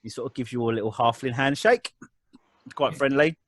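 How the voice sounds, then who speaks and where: A man's voice: medium pitch, normal speed, no room sound. A man narrating as game master of a tabletop game, in a rambling way full of ums and restarts.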